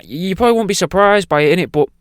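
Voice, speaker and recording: A man's voice: sits high, fast, clean tone, dry recording, studio quality. A man hosting a radio talk show, rambling off on tangents and swearing freely. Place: radio studio.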